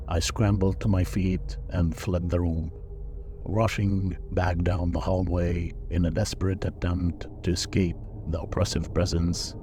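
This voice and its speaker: A man reading a scripted first-person horror story in a slow, measured, even delivery. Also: low-pitched, slight background noise. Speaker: narrator.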